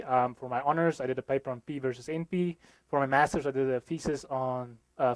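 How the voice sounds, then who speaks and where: A man's voice: fairly high pitch, no echo, poor audio. A young South African man giving a joking, filler-heavy conference talk about his work. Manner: self-deprecating, joking, many fillers. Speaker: conference speaker.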